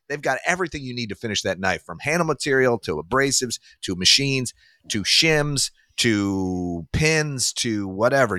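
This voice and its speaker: A man hosting a podcast, reading sponsor plugs in a hyped salesman pitch with big swoops up and down. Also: bright, forceful tone, no room sound, clean studio sound. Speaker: podcast host. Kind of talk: casual chat with read sponsor ads.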